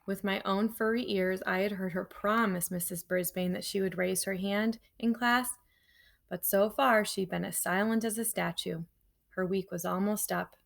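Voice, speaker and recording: Her voice has a gravelly, creaky edge and sits in a woman's ordinary middle pitch range as she reads a children's novel to her class. She's animated and lively, dropping casual remarks to her students between passages.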